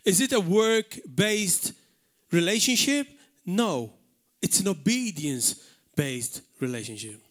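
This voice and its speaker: A man's voice: high-pitched, lively intonation, slow pace, fairly bright tone. A man preaching a live sermon in church, earnest and emphatic, repeating words for stress. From Malta. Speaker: pastor. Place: church hall, live service.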